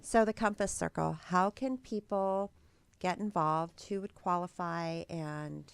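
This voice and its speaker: A woman's voice: lowish voice, a little slow, gravelly, clear, resonant tone, no echo. A woman hosting a casual interview, affirming her guest and asking questions. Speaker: host.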